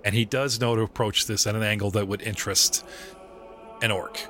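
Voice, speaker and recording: A man narrating a tabletop game as game master, animated and joking, often breaking into laughs. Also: fairly low pitch, fairly quick, faint music behind.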